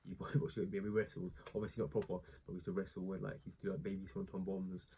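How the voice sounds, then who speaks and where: A man's voice: low voice, level tone, fast talker, warm tone, a little hiss or hum, rough recording. A man, talking in a casual, rambling way with lots of asides as he reviews a wrestling show. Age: late 20s. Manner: chatty, digressive, many asides and fillers.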